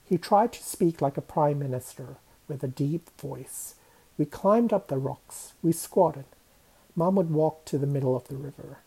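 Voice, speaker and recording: A woman reading a children's story aloud, expressive and changing her voice for each character. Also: low-pitched, a little slow, creaky, husky, low-quality recording.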